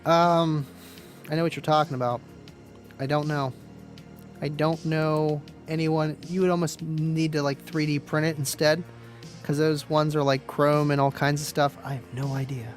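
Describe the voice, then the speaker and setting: With faint music in the background, a man hosts a live stream and chats casually with viewers, laughing often and calling them "man" and "dude." His voice sits on the high side, and his delivery is flat, laid-back, and chatty at a normal speed.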